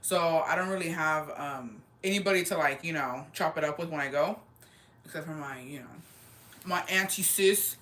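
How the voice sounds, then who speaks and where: A woman in her twenties chatting casually on a livestream, slangy and animated, dropping Spanish words into her storytelling. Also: low-pitched, normal speed. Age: 20s. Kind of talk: casual chat.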